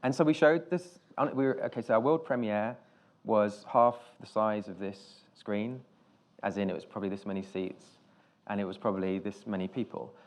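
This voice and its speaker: A British film director telling stories on stage in an interview, rambling and self-deprecating, with many restarts. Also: male voice, fairly low pitch, normal speed. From Britain.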